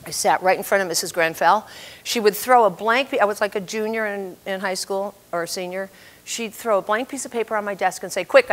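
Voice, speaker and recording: A woman in her seventies giving a storytelling talk about writing, lively and laughing at her own stories as she acts out the people in them. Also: mid-range voice. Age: 70s.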